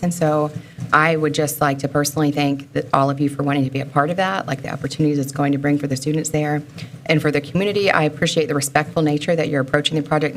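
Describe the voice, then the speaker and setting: A woman's voice: low-pitched, slight background noise. A woman school board member giving earnest, personal remarks at a public meeting.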